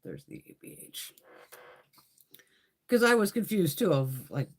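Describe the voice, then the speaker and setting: A woman in her fifties chats on a makeup livestream, swearing freely and laughing through her stories. Her voice sits low, yet it swings widely in pitch as she tells them. She breaks off now and then to answer viewers' comments. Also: sing-song, measured pace, breathy edge. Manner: profane, blunt storytelling with frequent laughs. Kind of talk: casual livestream chat.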